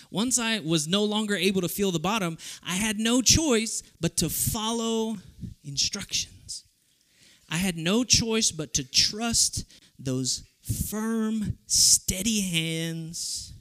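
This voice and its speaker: A man from South Texas preaches to a youth group with a somewhat high voice. He tells funny stories, acting out the people in them, then drops to soft, earnest reflection. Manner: animated, humorous, acts out quoted voices. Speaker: youth camp speaker. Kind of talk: youth sermon with storytelling.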